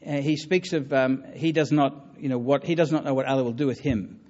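Man, lecturer, earnest, halting, many fillers, mid-pitched voice, muffled recording. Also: steady tone, darkish tone. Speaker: lecturer on religion. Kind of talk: public talk with audience questions.

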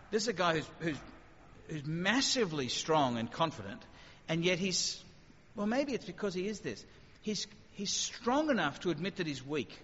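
A man preaching a conversational sermon, animated, with rhetorical questions. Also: high-pitched. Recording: dull sound with long hall reverb.

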